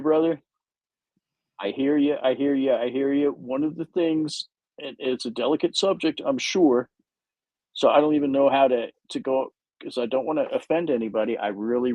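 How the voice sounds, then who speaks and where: A man's voice: mid-range voice, normal speed, no room sound, phone-quality sound. A man hosting a livestream, painting while he chats in a rambling, self-interrupting, jokey way. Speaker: livestream host painting models. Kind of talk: casual rambling chat.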